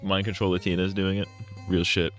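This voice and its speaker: A male streamer with a lowish voice riffs casually through a live game session. He jokes crudely and swears freely, with faint music playing underneath. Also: little pitch movement, a little fast. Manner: crude, joking, riffing with frequent laughs and swearing.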